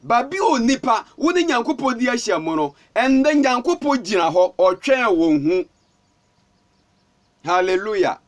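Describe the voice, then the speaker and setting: A man with a Ghanaian accent preaching with fervour. His voice sits very high and swings widely up and down as he repeats himself and calls out. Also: big pitch swings, measured pace. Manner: fervent, repetitive calling out. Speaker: pastor. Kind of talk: sermon.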